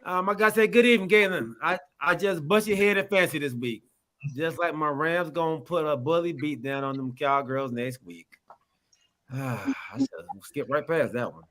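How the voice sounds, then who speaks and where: Bright-voiced casual sports show host. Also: male voice, fairly high pitch, normal speed. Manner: greets chat viewers loosely, slangy.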